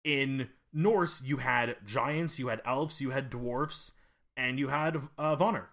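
A man's voice: medium pitch, takes it slowly, a bit bright. A man co-hosting a podcast, talking casually in a rambling, hesitant way with lots of fillers and restarts. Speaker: podcast co-host.

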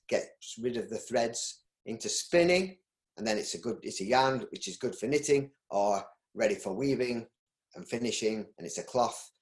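A middle-aged man with a Yorkshire accent, talking as an interview guest in a loose, rambling way, often restarting his sentences. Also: medium pitch. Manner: rambling, with frequent restarts and ums. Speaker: interview guest, business owner. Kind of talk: casual interview. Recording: roomy echo.

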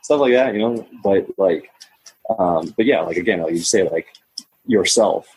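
A man's voice: sits low, normal speed, darkish tone, husky, low-quality recording. A young man talking casually as a podcast guest, rambling with many fillers and restarts. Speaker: podcast guest, Mandarin learner. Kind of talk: casual conversation.

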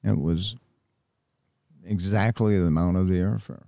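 An older American man speaks in a very low, gravelly voice, slow and reflective, stopping often to find his words. His tone is dark and mellow, recorded close and dry. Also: steady tone, no room sound. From United States. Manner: halting, reflective, with many pauses. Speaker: interview guest, Vietnam veteran. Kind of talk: reflective interview talk.

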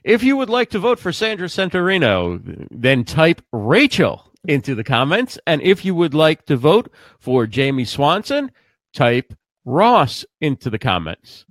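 A man co-hosts a live stream in an earnest, rambling way and often circles back over his own words. His voice sits a little high, and the sound is close and dry. It comes through a computer mic on a video call. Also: sing-song, unhurried, dry recording. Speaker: co-host. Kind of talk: casual live-stream chat.

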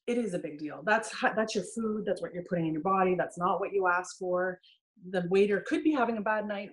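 A middle-aged woman in a casual interview, telling her stories in a lively way and acting out the quoted lines. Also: medium pitch, low-quality recording. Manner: animated storytelling, acts out quoted dialogue. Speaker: guest, dating and healing coach.

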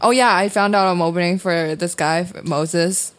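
A woman's voice: fairly low pitch, normal speed. A woman co-hosting a comedy podcast, chatting casually and laughing often. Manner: giggly and excitable. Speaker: podcast co-host. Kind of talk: casual chat.

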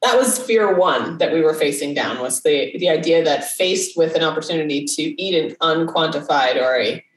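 A woman's voice: low-pitched, animated, moderate pace, few pauses, distant mic. A woman co-hosting a podcast as a coach, talking in a casual, playful way and laughing easily. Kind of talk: casual chat. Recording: echoey room, off mic.

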